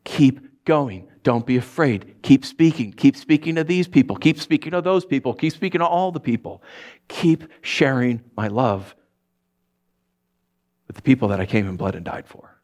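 Preacher doing a gentle, firm male divine voice: quiet, steady, insistent. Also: medium pitch, moderate pace, close to an everyday voice. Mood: gently firm.

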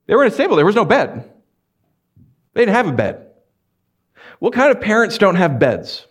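A pastor preaching a conversational sermon in a church, animated and questioning the congregation. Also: male voice, sits high, moderate pace, breathy edge. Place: church sanctuary.

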